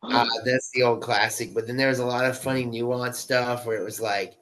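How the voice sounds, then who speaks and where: A man's voice: medium pitch, steady tone, moderate pace, over a noisy crowd, low-quality recording. A man, an actor guest on a podcast, talking in a laid-back, slangy way with lots of "dude" and "like.". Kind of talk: casual interview chat.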